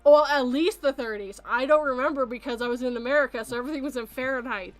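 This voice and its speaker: A Canadian woman runs a casual podcast conversation, rambling as she explains things and laughing frequently. She has a high-pitched voice and a quick pace.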